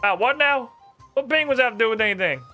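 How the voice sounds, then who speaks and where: A man voicing an irate middle-aged male sheep farmer who shouts in a high, indignant voice. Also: animated, fast, faint music behind, heavily acted. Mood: exasperated shouting.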